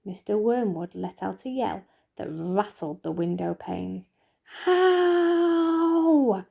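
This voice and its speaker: A woman teacher reading a children's book aloud in a lively, expressive way. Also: fairly low pitch, unhurried, gravelly.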